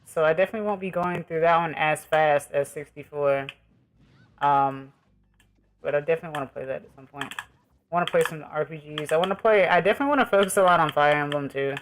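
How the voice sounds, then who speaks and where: Chatty, rambling man with a higher voice. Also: fast, a bit bright. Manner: rambling and easygoing, talking to viewers. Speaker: streamer. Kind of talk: casual live-stream chat while gaming.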